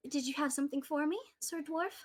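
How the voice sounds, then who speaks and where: A woman voicing a polite, slightly awkward village woman who speaks with hesitant pauses. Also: sits high, steady tone, voice pushed up, natural voice. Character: polite, gentle woman brewer, a little awkward.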